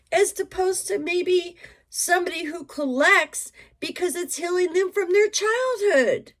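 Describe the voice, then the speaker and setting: Middle-aged woman, unhurried delivery, fairly high voice, rambling and frank. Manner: rambling, emotional, frank, full of asides. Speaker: reseller vlogger. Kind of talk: casual chat to camera.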